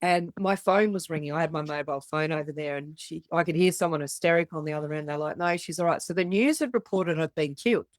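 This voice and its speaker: A woman's voice: sits low, fast, hardly any pauses, no echo. A middle-aged woman with an Australian accent, a podcast guest telling her story candidly and bluntly, swearing freely and acting out the voices of others.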